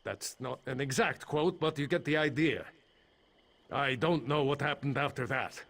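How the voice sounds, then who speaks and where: A man's voice: medium pitch, normal speed, creaky, fairly bright tone, slight background noise. An actor playing a flustered, wry mine foreman in a video game, rambling and a little sheepish. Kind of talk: game voice acting. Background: game music.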